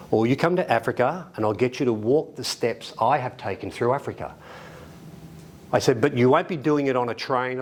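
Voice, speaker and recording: An Australian man in middle age tells a story in a relaxed, chatty way. His voice sits in a middle register, and he livens it with quick shifts as he voices other people. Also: mid-range voice. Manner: animated, acts out quoted voices, laughs often. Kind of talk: casual anecdote telling. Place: library event room.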